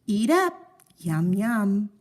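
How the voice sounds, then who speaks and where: A woman voicing a fretful, doting wife in a children's story she reads aloud, with high, fluttery, anxious cries. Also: very animated, drawn-out words, a little mellow, exaggerated voice.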